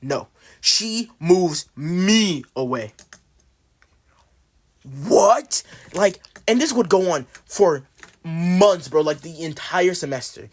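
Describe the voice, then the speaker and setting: A young man telling a story from school in a casual, slangy way, full of fillers. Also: sits high.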